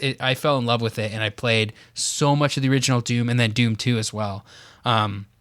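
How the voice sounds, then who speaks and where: Male podcast co-host, middle pitch, loose filler-heavy explainer, hiccuping, dry close mic. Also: fairly bright tone, dry recording. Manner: explains at length with many fillers. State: has the hiccups. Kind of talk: casual chat.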